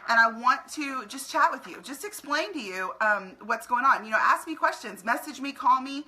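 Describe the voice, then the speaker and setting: Woman, fairly high and bright, earnest motivational talk to camera, recruiter. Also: lively intonation, normal speed, low-quality recording. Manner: earnest, emotional, pep-talk. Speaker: network marketing recruiter. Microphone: camera in front of her.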